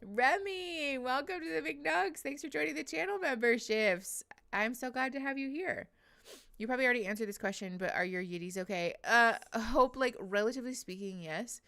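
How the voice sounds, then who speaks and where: A woman's voice: on the high side, normal speed, creaky, a bit bright. A woman hosting a casual livestream, chatty and emotional, reading viewers' names aloud with frequent laughs. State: teary after crying. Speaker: livestream host.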